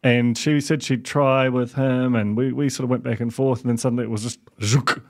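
A man's voice: mid-range voice, fairly even intonation, brisk. A man, co-hosting a podcast and telling rambling anecdotes in casual chat. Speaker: podcast co-host.

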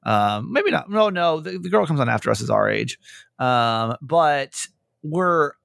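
Animated young man with a gravelly voice. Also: fairly high pitch, a little slow, no room sound, studio quality. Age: young adult. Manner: animated storytelling, acting out quotes, frequent swearing. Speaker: radio and podcast host. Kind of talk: casual podcast chat.

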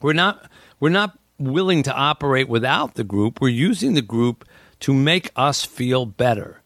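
A man's voice: medium pitch, lively intonation, a little slow, fairly bright tone, no echo, clean studio sound. Man hosting, explaining with acted quotes. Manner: explaining, acting out quoted people. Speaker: host. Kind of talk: casual podcast chat.

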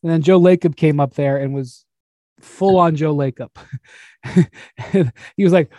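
A man hosts a casual sports chat with a slightly raised pitch. He retells anecdotes with animation and little laughs. His voice is close and dry, with no room sound. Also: steady tone, moderate pace, warm tone, no echo. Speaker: podcast host.

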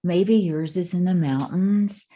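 Woman podcast host, relaxed and conversational, slightly low with a breathy, husky tone. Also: slow pace. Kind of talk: conversational interview.

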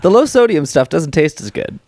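A man co-hosting a podcast in casual chat, upbeat and quick to laugh. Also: fairly high pitch, big pitch swings, darkish tone, dry recording, studio quality. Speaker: podcast co-host.

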